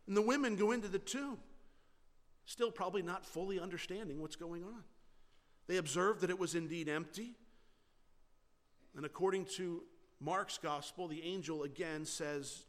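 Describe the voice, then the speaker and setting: A man preaching a sermon as pastor, swinging between loud emphasis and soft, quiet words. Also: on the high side, moderate pace. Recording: long reverb of a large hall.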